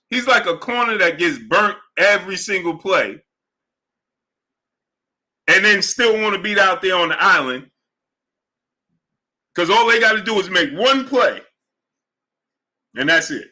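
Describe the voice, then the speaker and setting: A young man hosting a casual sports talk stream, animated and slangy, often breaking into laughter and repeating himself. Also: high-pitched, moderate pace, pauses often. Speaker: sports show host. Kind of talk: casual livestream chat.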